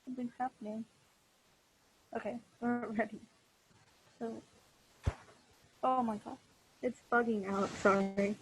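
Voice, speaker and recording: A woman's voice: on the high side, steady tone, measured pace, pauses often, a little hiss or hum, rough recording. A woman teaching a language class online over a video call, patient and encouraging, with many fillers. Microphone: computer mic on a video call.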